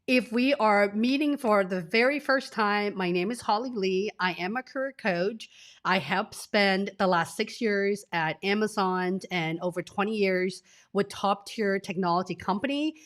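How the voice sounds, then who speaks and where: A woman's voice: medium pitch, measured pace. A woman career coach in her forties speaking to live-stream viewers, sick and tearful, effusive and emotional. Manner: emotional, effusive, talks straight to the audience.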